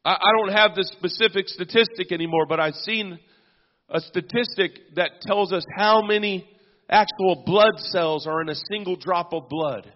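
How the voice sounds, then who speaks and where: A man's voice: sits high, normal speed. A man preaching a sermon as pastor, punctuating his points with amens and hallelujahs. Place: church sanctuary. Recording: dull lo-fi sound with long church reverb.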